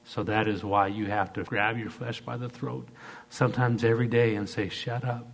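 A man's voice: fairly low pitch, level tone, moderate pace, gravelly. A middle-aged man, a pastor, preaching an emphatic sermon and leading the congregation in call-and-response.

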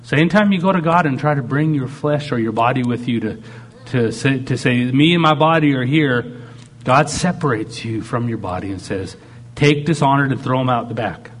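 A man's voice: medium pitch, normal speed. A man preaching a sermon. He talks animatedly and acts out God speaking in short quoted lines. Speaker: pastor.

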